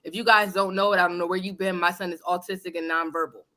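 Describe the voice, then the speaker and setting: A woman hosting a casual talk show, telling a story in an animated, emphatic and blunt way. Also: fairly low pitch, fast. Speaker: host. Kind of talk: casual chat. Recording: live online radio show.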